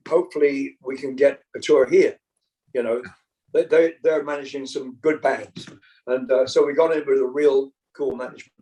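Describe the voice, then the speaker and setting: A man's voice: medium pitch, darkish tone, far from the mic, poor audio. An older British-born rock singer, a man, chatting casually as an interview guest, rambling with many fillers and restarts. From Britain.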